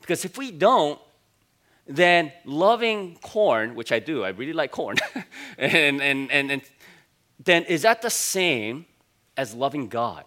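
Male pastor, forties, bright voice, chatty anecdotal sermon delivery in church. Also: a little high, sing-song, slow pace. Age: 40s. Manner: conversational, storytelling, many fillers.

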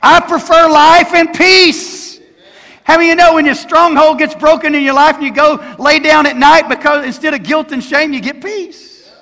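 High-voiced older man preaching a sermon. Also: fairly even intonation, brisk, a bit bright. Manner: emphatic, asks the congregation questions. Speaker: pastor. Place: church sanctuary. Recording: long hall reverb in a church.

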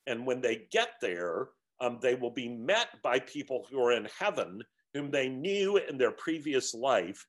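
A man's voice: mid-range voice, fairly bright tone. A man reading passages from a book and explaining them in an earnest, reflective way, with some fillers. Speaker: teacher of a book discussion series.

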